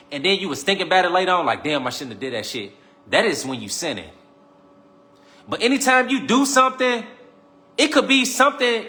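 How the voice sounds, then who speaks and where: Bright-voiced man preaching on a livestream. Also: fairly high pitch. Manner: preachy and teasing, repeats phrases, swings from loud to quiet. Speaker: livestream host. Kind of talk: casual preaching monologue on a live stream.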